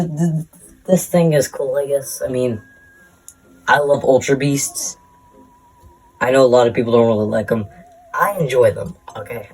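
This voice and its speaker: A man's voice: mid-range voice, a little mellow, husky, poor audio. A breathless man rambles through casual commentary in a middle voice, tossing out crude, mock-insulting asides. Faint music plays underneath. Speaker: YouTuber ranking Pokémon.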